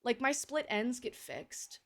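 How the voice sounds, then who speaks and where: Young woman, higher voice, streamer host, lively storyteller who swears a lot. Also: slow pace. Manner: animated, swears freely, acts out quotes. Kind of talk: casual storytelling chat.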